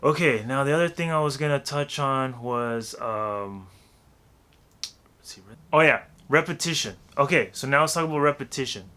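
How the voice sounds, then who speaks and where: A man's voice: mid-range voice, moderate pace, sharp tone. A man teaching how to rap in a loose, chatty way, counting beats aloud and scatting rhythms. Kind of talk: casual music lesson.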